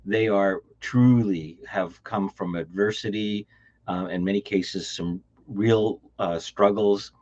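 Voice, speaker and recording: A man's voice: fairly low pitch, steady tone, takes it slowly, darkish tone, dull audio. A man with a Canadian accent co-hosting a casual chat, rambling and restarting his words. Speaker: podcast co-host.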